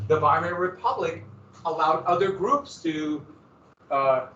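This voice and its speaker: A male history teacher lecturing a class in a lively manner, with sarcastic asides to his students. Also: high voice, a little slow, slight background noise. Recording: echoey, distant, dull classroom recording.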